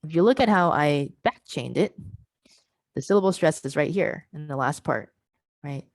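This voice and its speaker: A woman with a notably low voice leads an online teaching workshop over a video call. She explains patiently, breaking words into parts and sounding each one out slowly. The sound is dry and close, with no room around it. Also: animated, a little mellow, dry recording. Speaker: workshop presenter.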